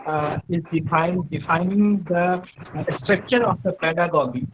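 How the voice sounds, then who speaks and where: A man's voice: on the high side, normal speed. A man formally and politely asking a professor a question on a webinar video call. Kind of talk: webinar discussion. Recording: dull lo-fi call audio with clear noise.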